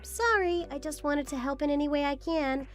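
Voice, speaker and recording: A woman's voice: high-pitched, moderate pace, soft background music, lightly acted. A woman voicing a patient, apologetic young daughter-in-law in a scripted story drama. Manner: apologetic, polite, gently defensive.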